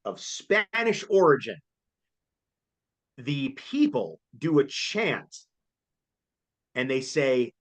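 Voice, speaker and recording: A man, chatting casually as co-host, excitable and jokey and laughing often. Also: medium pitch. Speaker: co-host reviewing a concert. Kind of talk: casual chat.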